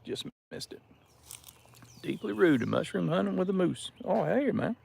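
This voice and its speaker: A man hosts a relaxed live stream outdoors by a river and keeps up a steady chat with his viewers, greeting them one by one. His voice sits a bit high for a man and has a gravelly, creaky texture. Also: a little slow. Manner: chatty, greets viewers by name.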